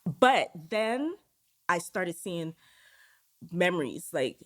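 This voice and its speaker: A woman's voice: fairly low pitch, big pitch swings, slow pace. A woman guest on a podcast, telling a personal story in a candid way and acting out the inner voices she heard. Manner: acts out inner voices in quoted dialogue; candid, uses swearing.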